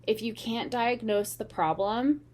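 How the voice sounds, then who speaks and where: A woman's voice: fairly high pitch, a little mellow. A woman giving a casual tarot reading, talking in an earnest, meandering way. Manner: meandering, earnest, slow and unhurried. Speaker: tarot reader.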